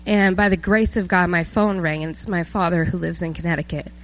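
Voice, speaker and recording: A woman's voice: lowish voice, steady tone, a little fast, slight background noise, poor audio. A nineteen-year-old woman from South Georgia giving an emotional personal testimony at a church service, with many fillers. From South Georgia, USA.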